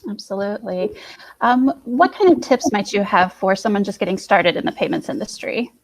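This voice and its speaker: A woman asks interview questions in a hesitant way. She fills pauses with many fillers and restarts before getting to each question. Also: mid-range voice, lively intonation.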